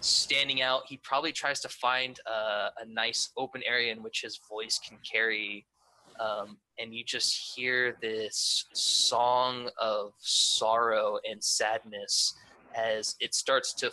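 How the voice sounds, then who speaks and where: Relaxed male tabletop player, hesitant and slow, very bright tone. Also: on the low side, no room sound, low-quality recording. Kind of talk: casual tabletop play.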